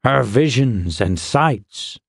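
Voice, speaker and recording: A male narrator voicing a gruff, dry-humored older fire warrior in an audiobook. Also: mid-range voice, expressive, slow, dry recording, full character voice. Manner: grumbling, wry.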